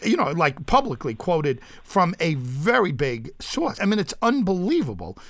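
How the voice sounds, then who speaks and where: Male host, upbeat, quick to chime in, dry close sound. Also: a little high, huge pitch swings, a bit bright, no echo. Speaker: interview host. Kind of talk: casual interview chat.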